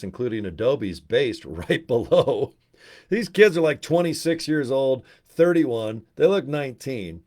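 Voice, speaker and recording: A man rambling and joking on a livestream, swearing freely and telling animated stories. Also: mid-range voice. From Utah. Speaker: network marketing presenter.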